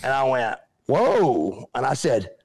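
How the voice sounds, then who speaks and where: A middle-aged man, a guest telling animated stories and acting out what people said. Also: a little high, normal speed, creaky. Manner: animated, acts out quotes in other voices. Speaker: interview guest, former pro wrestler. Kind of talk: casual storytelling.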